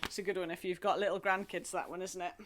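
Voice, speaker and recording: A woman leading a remote singing lesson from home, talking in a gentle, encouraging, chatty way with playful asides. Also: lowish voice, flat delivery, quick pace, slight background noise. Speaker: singing group leader. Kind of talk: friendly remote group singing and movement lesson.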